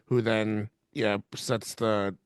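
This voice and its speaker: A man's voice: on the low side, level tone, slow, clear, resonant tone, dry recording. Man, podcast co-host, laughs a lot, casual swearing, dry close mic. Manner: laughs often, chimes in with loose, profane remarks. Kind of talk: casual movie chat.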